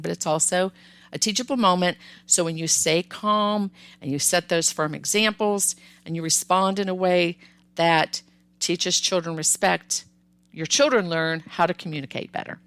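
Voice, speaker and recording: An older woman with a low voice hosts a parenting advice podcast. She speaks calmly and firmly, explaining and repeating her points to drive them home. The sound is dry and close. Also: moderate pace, clear, resonant tone, no room sound. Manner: calm, firm, instructive, with repeated emphasis.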